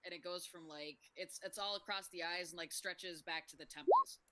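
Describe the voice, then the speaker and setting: Low-voiced woman describing her character. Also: normal speed, a bit bright. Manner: chatty, descriptive, with uhs and likes. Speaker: player.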